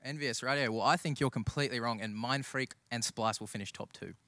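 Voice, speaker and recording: A man's voice: medium pitch, fairly quick, pushed and bright, dry recording. A young man interviewing a gamer on stage, teasing him playfully. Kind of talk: light interview.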